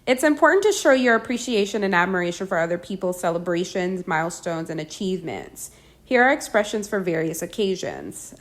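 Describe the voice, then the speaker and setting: A woman narrating a language lesson, reading each phrase slowly and clearly before translating it. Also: lowish voice, big pitch swings. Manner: clear, deliberate, slows down for the phrases. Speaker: language teacher.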